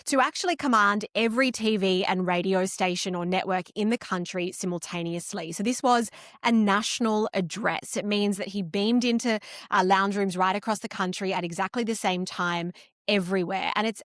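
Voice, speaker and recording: A woman with an Australian accent co-hosting a news podcast as a former TV journalist, explaining the news in a brisk, animated way on a studio mic. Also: medium pitch, dry recording. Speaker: podcast co-host, former TV journalist and media trainer. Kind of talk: casual news chat.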